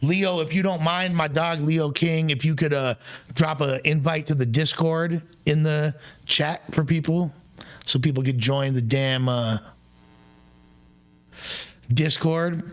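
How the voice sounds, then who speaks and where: A man's voice: a little high, fairly even intonation, takes it slowly. A young man hosting a livestream, telling a story in a rambling, profane way full of loose slang. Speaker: streamer.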